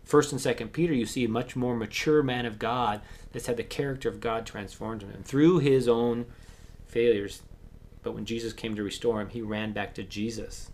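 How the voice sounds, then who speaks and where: A man preaching a sermon as pastor, acting out Bible voices and swinging between loud emphasis and hushed asides. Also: medium pitch, steady tone, moderate pace.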